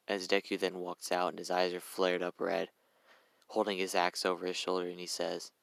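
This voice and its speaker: A man's voice: low-pitched, monotone, normal speed, creaky, fairly bright tone, no room sound. A young man casually narrating a fan story, rambling and correcting himself as he goes. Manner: rambling, self-correcting, swears.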